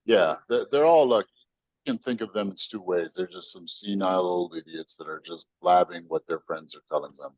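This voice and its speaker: A man's voice: low-pitched, moderate pace, no echo, highs cut off. An American man, a company founder, talking as a guest in an emphatic, slangy, preachy storytelling way. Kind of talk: animated storytelling interview.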